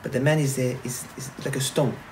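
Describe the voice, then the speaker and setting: A man, a rabbi, telling a parable in a sermon, animated, repeating phrases and restarting often. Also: mid-range voice, brisk, background noise. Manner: animated, repetitive, frequent restarts. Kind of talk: storytelling sermon.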